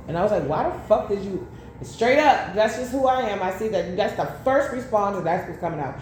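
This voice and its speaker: In a very echoey room with faint background noise, a woman of medium pitch talks briskly with lively intonation. She's reading tarot casually, being blunt and profane and slipping into personal, chatty anecdotes.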